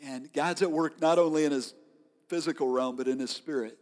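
A male pastor delivers a sermon in a conversational, animated storytelling manner. His voice sits a little high for a man. A long hall reverb trails behind every line. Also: brisk.

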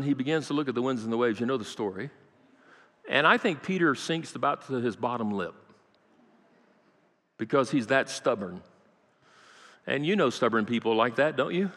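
A man's voice: medium pitch, animated, normal speed, long pauses. A man preaching a sermon in a church, telling a story with dramatic rises and joking asides to the congregation. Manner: dramatic storytelling with acted quotes, rising to loud peaks. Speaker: pastor. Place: church sanctuary. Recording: long reverb of a large church.

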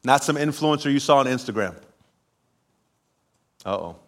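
A man preaching a sermon in church, telling a lively personal story with laughter before calling the congregation to respond. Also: medium pitch, normal speed. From California. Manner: animated storytelling, laughing at himself, then preaching and calling for amens. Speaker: pastor. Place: church sanctuary.

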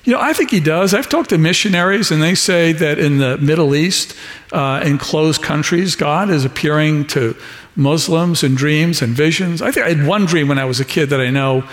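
Man, middle-aged pastor, folksy sermon storytelling, slightly high voice, long reverb. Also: normal speed. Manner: folksy, acts out dialogue in shifting voices.

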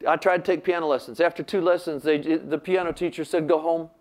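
A man's voice: fairly high pitch, steady tone, fast. An older man preaching, telling a story animatedly and acting out the voices he quotes. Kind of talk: sermon storytelling.

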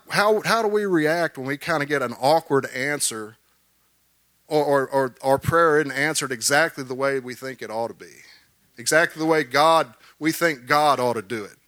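A man preaching a sermon, animated, repeating words and calling for amens from the congregation. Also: on the high side, no echo, clean studio sound.

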